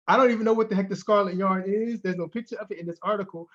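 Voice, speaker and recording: A man with a high voice reads odd news stories to his co-host, amused and chuckling between lines. His audio is muffled and lo-fi. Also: very fast, fairly bright tone. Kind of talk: casual comedic chat.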